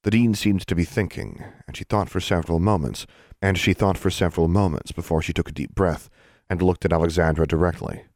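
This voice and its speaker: A man narrating a children's fantasy audiobook in a steady, measured way. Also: deep voice, no echo, clean studio sound. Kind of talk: scripted narration.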